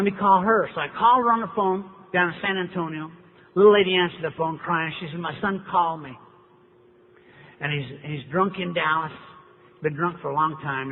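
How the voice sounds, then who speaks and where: A middle-aged man, speaking at a recovery meeting and telling his story with wry rhetorical questions. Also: on the high side. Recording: tinny, echoey hall recording with faint hiss.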